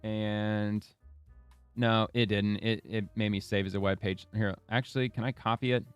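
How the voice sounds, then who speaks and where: A man's voice: fairly low pitch, level tone, normal speed, clean tone, no room sound, faint music behind. A man hosting a casual political commentary show, reading a press release aloud and breaking in with blunt, profane asides.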